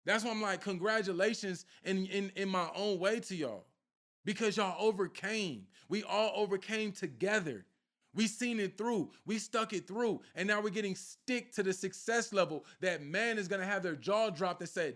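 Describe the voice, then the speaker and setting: A man's voice: high voice, moderate pace, fairly bright tone. A man giving a casual, preachy spiritual talk straight to his viewers, often repeating himself to press his point. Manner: preachy, repetitive, addresses viewers directly. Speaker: spiritual content creator.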